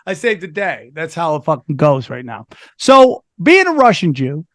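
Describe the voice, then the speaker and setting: A man who is a stand-up comic and podcast host, telling a profane story in an animated way and acting out quotes. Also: fairly high pitch, normal speed, no echo, studio quality.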